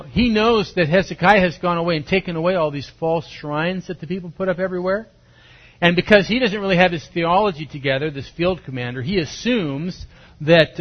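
Male pastor, husky and a touch high, chatty verse-by-verse sermon, muffled lo-fi capture. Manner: conversational, asks listeners questions, acts out quotes. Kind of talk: sermon, verse-by-verse Bible teaching.

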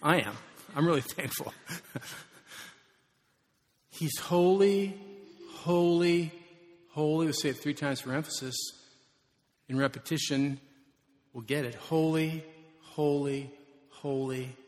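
A man preaching a sermon as pastor, emphatic and surging louder on key words. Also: medium pitch, fairly even intonation, normal speed, long pauses. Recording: long reverb of a large hall.

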